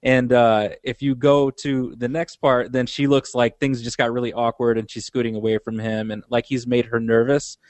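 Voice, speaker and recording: A man's voice: mid-range voice, flat delivery, moderate pace, few pauses, darkish tone, dry recording. A man co-hosting a casual podcast, chatty and wry as he describes people's reactions in detail. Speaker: podcast co-host.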